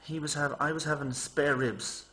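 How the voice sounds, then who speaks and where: A man's voice: a little high, normal speed. A man rambling casually to his camera, telling stories and mimicking people in a raised voice. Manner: chatty, animated storytelling, mimics people in raised voice. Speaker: vlogger.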